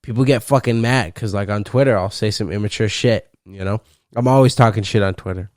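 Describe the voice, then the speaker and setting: A young man hosting a solo podcast, rambling and cursing playfully, breaking into loud laughs. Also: lowish voice, brisk, dry recording, studio quality. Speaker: podcast host. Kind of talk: casual solo podcast rant.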